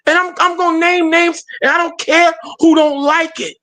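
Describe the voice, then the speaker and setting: A man's voice: very high voice, level tone, normal speed, sharp tone. A man hosting a heated live stream show, fired up and calling people out by name.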